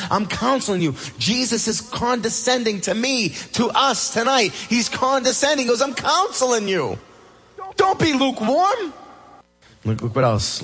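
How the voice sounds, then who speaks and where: A man preaching a sermon with passion, dropping low and soft and then rising loud. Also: breathy edge. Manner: impassioned preaching, swings between hushed and loud. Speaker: pastor.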